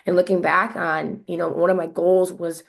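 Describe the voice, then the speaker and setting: Low-voiced woman, rambling testimonial. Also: level tone, moderate pace, gravelly. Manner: rambling, many restarts and "like". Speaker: coaching client. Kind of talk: casual heartfelt testimonial.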